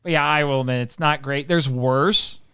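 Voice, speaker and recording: A man hosting a casual podcast chat, playful, and quick to correct himself. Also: mid-range voice, fairly even intonation, pushed and bright, clean tone, no room sound, clean studio sound. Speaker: podcast host.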